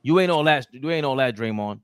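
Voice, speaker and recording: Animated man in casual sports talk. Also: medium pitch, brisk, clear, resonant tone, dry recording. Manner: animated, loud bursts, slangy and emphatic. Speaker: podcast co-host.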